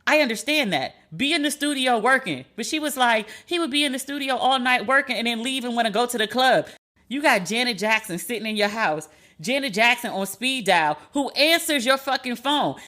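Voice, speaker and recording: An American podcast host delivers a casual commentary rant, sassy, emphatic and profane, repeating lines for punch. Her fairly high voice is lively in intonation, fairly quick, pushed and bright.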